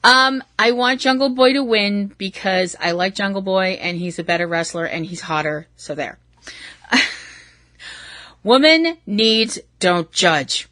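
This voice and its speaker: A woman's voice: mid-range voice, measured pace, bright, forceful tone, no echo. A middle-aged woman hosting a wrestling podcast, talking casually on her own in a chatty, profane, playfully exasperated way. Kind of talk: casual solo commentary.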